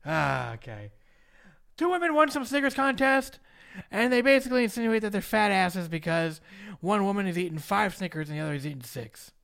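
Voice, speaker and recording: A man's voice: high-pitched, a little fast, a bit bright, smooth. A man hosting a casual chat, recapping a show in a jokey way and slipping into mock voices to quote people. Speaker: podcast host.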